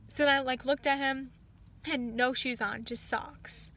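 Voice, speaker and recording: A young woman tells a casual storytime, rambling through her words with plenty of fillers and restarts. Her voice sits high and sounds bright and clear, lifting when she quotes someone. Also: measured pace, slight background noise. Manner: rambling, many "like"s and restarts, quotes others in lively bursts. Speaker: rideshare driver telling a story.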